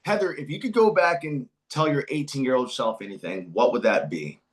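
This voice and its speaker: An American man hosting a podcast in a relaxed, hesitant way, with many uhs. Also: mid-range voice, fairly quick. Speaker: podcast host. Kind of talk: casual interview chat.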